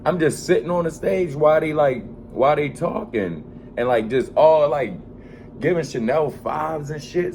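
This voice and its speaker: A man casually telling a story in a vlog, animated, full of slang and swearing. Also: fairly high pitch, moderate pace, slight background noise. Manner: animated, slangy and profane, acts out quoted voices. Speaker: vlogger.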